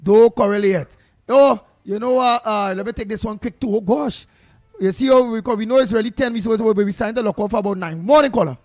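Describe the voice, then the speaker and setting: Brief: Trinidadian talk-radio host, quick friendly banter, strikingly high pitch. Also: male voice, a little mellow, dry recording, studio quality. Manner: brisk, friendly banter with callers. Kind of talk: casual talk-radio chat.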